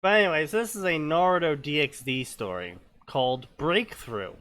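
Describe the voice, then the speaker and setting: A man co-hosting a comedy stream, reading fanfiction aloud with sarcastic commentary and sudden loud outbursts. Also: fairly high pitch, big pitch swings, a little fast, clear, resonant tone, no room sound.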